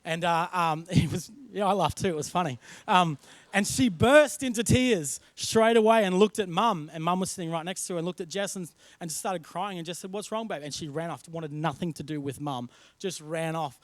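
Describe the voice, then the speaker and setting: A male pastor with an Australian accent preaches in a conversational, rambling way and often repeats and restarts his words. His voice sits a little higher than most men's. The sound is close and dry, with almost no room echo. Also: moderate pace. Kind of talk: sermon. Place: church.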